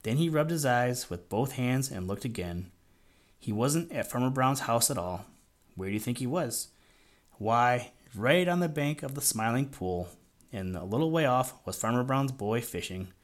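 A man's voice: mid-range voice, animated, normal speed. Man reading a children's storybook. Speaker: audiobook narrator. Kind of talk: scripted narration of a children's story.

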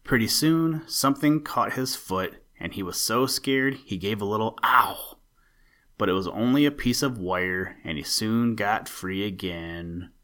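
A man with a fairly low voice hosts his podcast and tells a children's story. His reading is gentle and expressive, easing through the narration. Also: unhurried, hardly any pauses.

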